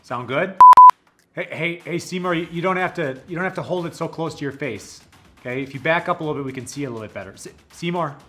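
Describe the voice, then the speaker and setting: A young adult man playing a teacher who patiently coaxes a puppet student through a video call, gently exasperated. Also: on the high side, quick pace, music in the background. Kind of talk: comic scripted video call skit.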